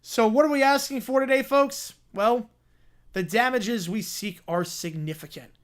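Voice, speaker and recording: A man's voice: very high voice, normal speed, pitched above the performer's own voice. A sleazy, grandiose male cartoon lawyer, read out by a man in a near-everyday voice. He pleads to a jury with pompous mock-drama and puffs up every line.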